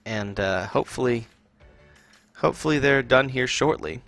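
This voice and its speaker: A man's voice: medium pitch, expressive, moderate pace, gravelly, a bit bright. A man with a mid-range voice co-hosts a live draft stream in casual chat. He talks loosely and hesitantly, with plenty of fillers, over faint music. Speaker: stream co-host.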